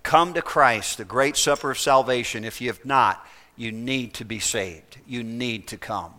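A man's voice: mid-range voice, unhurried, pushed and bright. A man preaching an evangelistic sermon, urgent and pleading, acting out the voices of people in his stories. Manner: acts out quoted voices.

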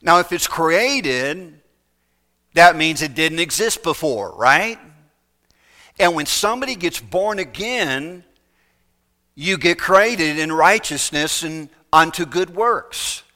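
Man, preacher, bright forceful voice, fairly high, folksy sermon. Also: lively intonation. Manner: folksy illustrations, emphatic pauses.

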